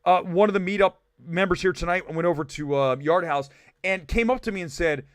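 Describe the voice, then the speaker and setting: A man from Ohio hosting a live film talk stream, ranting quickly with animated, mock-shouted asides. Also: high-pitched, no room sound, studio quality. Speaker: livestream film show host. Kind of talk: animated livestream rant.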